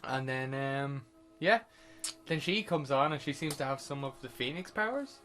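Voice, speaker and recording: A man's voice: medium pitch, animated, normal speed, a bit bright, soft background music. A man on a podcast casually recapping a film, rambling and swearing. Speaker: podcast host. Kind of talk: casual film review chat.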